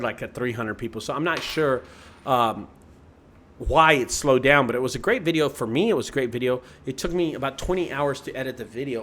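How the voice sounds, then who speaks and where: A middle-aged man with a voice pitched a bit high for a man. He talks to his livestream viewers in a loose, rambling way, swearing freely. He often stops and restarts his sentences. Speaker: junk removal business owner. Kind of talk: casual livestream chat with viewers.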